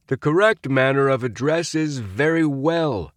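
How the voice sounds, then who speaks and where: A man voicing a giant, gruff young male space cadet who bellows like a drill sergeant. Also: fairly high pitch, drawn-out words, no echo, pitched above the performer's own voice. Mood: pompous.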